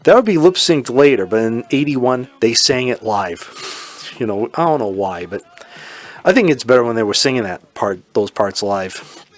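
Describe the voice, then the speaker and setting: A man's voice: medium pitch, animated, measured pace. A man hosting a solo music podcast, talking casually with rambling enthusiasm. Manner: enthusiastic, rambling, exclaims "oh my goodness". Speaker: podcast host.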